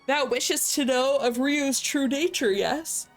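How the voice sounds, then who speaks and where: A woman's voice: sits high, soft background music. Woman reading as an ancient solemn dragon. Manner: slow, measured, formal old-fashioned phrasing. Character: ancient solemn dragon speaking archaic English.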